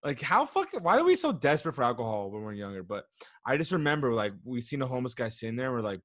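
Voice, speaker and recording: A man's voice: mid-range voice, sing-song, fast, a bit bright, no room sound. Rambling young man, dry sound. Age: 20s. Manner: rambling, swears often, says "dude" and "bro". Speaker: podcast co-host. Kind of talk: casual chat, storytelling.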